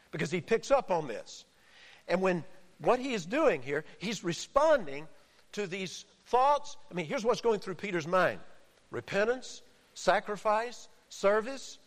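A man preaching a sermon, emphatic, with dramatic pauses and acted-out quotes. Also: high voice, in a large hall. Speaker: pastor.

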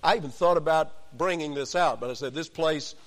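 Guy preaching a sermon, pretty high voice, chatty and jokey, big echoey hall. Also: a little fast. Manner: animated, conversational, with joking asides. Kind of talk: expository sermon.

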